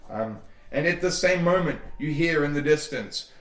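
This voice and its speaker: A man running a tabletop game as dungeon master, describing scenes in a relaxed, rambling way with fillers. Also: on the high side, moderate pace. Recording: echoey room, distant mic.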